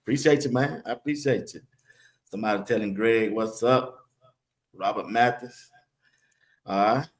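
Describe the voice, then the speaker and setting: Man hosting a live sports stream. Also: fairly low pitch. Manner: rapid-fire chat shout-outs, laughs often. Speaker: live show host. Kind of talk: casual live-stream chat.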